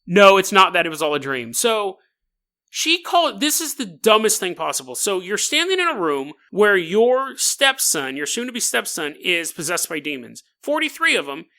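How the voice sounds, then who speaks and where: A male podcast host telling a story with sarcastic jokes and frequent laughter. His voice sits high and has a very bright, sharp edge. The tone is casual and mocking. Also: sing-song, moderate pace. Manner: sarcastic, joking, laughs often.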